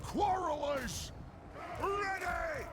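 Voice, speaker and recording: A man voicing gruff male dwarf soldiers who bark short battle cries, as video game unit voice lines. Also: very high voice, very slow, exaggerated voice. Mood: shouting commands. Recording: loud battle noise behind.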